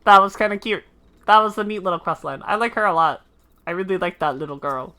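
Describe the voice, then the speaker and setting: Woman streamer, chatty, self-deprecating, bright voice, casual game commentary. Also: fairly low pitch, quick pace.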